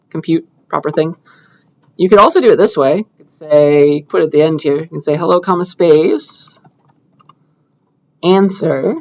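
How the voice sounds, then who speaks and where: Casual male lecturer, lo-fi room recording. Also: sits high. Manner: casual, checks in with students often. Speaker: computer science lecturer. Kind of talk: classroom lecture with live coding.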